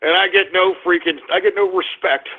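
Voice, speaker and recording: A man hosting an internet radio show, ranting and cursing angrily, dropping to grumbles and rising to shouts. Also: high-pitched, steady tone, fairly quick. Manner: angry, cursing, swings between grumbling and shouting. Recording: tinny phone-like radio stream.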